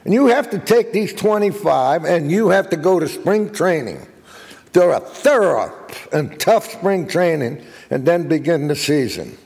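An older man giving a guest speech, telling jokey anecdotes as an animated raconteur. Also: fairly high pitch, unhurried, gravelly, slightly rough, big-room sound. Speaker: guest speaker.

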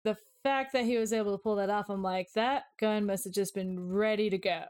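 Female co-host, chatty and casual, mid-pitched. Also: fairly even intonation, darkish tone. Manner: chatty, quick asides with "like". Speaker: podcast co-host. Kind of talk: casual chat.

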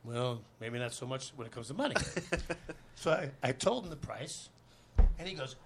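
A man's voice: mid-range voice, animated, moderate pace, creaky, crowd noise. A man, a guest actor, telling a rambling, profane anecdote full of "you know" in a podcast interview.

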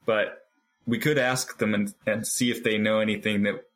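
A man's voice: on the low side, steady tone, normal speed, fairly bright tone. A man playing in a tabletop role-playing game, chatting casually and thinking aloud, often repeating words as he talks. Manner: thoughtful, talks in character and out, repeating words as he goes. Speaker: player.

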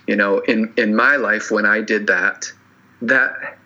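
A man sharing his story as a podcast guest, earnest and halting with many restarts, and teary. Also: fairly low pitch, steady tone, bright, forceful tone, highs cut off. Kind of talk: emotional personal interview.

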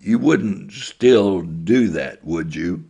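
A startled, stammering teenage boy, read by an older man telling the story. The voice lifts a little above the teller's own low, husky tone but keeps its slow, gravelly grain. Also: lively intonation, dark tone, heavily acted. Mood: earnest. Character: sleepy teenage boy, stammering then grateful.

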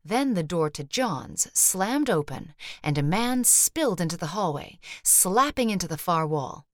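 Woman narrating with a low voice. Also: lively intonation, a little slow, no room sound, studio quality. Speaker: audiobook narrator. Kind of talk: scripted narration.

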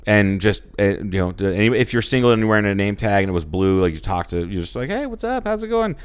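Brief: male podcast co-host in his thirties, low-pitched, a rambling storyteller who curses freely. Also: fairly even intonation, fast, clean tone. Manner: loose storytelling, swears freely, acts out quotes. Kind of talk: casual chat.

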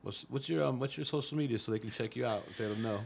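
Gravelly laid-back male podcast host. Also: mid-range voice, fast talker, a little mellow. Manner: laid-back, affirming interjections. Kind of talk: casual interview chat.

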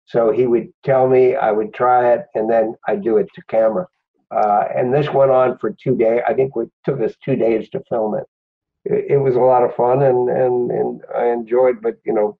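A man's voice: mid-range voice, gravelly, slightly rough. An older man, an actor guest, reminiscing in casual chat with frequent restarts. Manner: halting, repeats words. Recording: dull lo-fi audio.

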